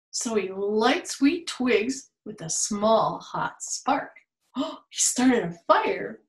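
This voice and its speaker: A woman's voice: on the high side, animated, slow. A woman reading a picture book aloud to children, in a playful way, with animal sounds and asides to her listeners. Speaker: storytime reader. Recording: roomy echo.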